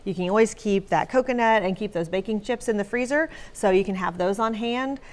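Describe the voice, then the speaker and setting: A woman's voice: medium pitch, brisk, darkish tone. A woman on a morning news show, chattily explaining how to bake a dessert as a guest. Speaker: guest baker. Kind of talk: cooking segment chat.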